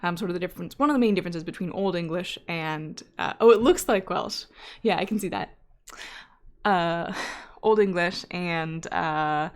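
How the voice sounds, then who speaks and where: A woman's voice: lowish voice, moderate pace. A woman hosting a live coding stream, talking casually and thinking aloud with frequent fillers and asides, now and then reading viewer chat aloud. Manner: reads chat messages aloud. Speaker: data scientist live-coding host.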